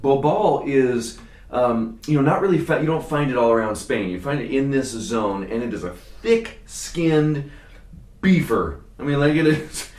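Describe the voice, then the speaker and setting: A man's voice: medium pitch, lively intonation, measured pace, darkish tone. A man hosting a wine tasting show, chatting casually in a jokey, rambling way with plenty of fillers. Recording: roomy sound from a distance.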